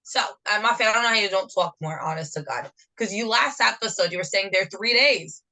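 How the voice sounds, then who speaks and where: Bright-voiced chatty New Jersey woman. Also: mid-range voice, a little fast, low-quality recording. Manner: chatty, rambling, jumps between topics. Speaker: podcast co-host. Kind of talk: casual chat.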